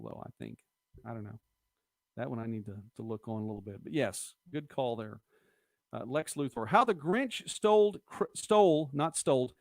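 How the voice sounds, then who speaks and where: A man's voice: mid-range voice, darkish tone, dry recording. A middle-aged man chats his way through viewer comments on a live-stream, rambling and easygoing. His voice sits in the middle range and is recorded close up with no room sound at all. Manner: chatty, rambling, quotes movie lines. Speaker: host of a local live-stream show.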